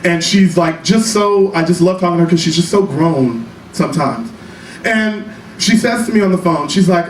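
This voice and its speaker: A man with a high, bright voice doing sassy, profane stand-up in a small club. He is miked from a distance, so the voice sounds roomy. Audience laughter and chatter run underneath. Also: a little hiss or hum. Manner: sassy, profane storytelling with quick asides. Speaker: stand-up comedian. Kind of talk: one-man comedy show. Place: small cabaret club stage.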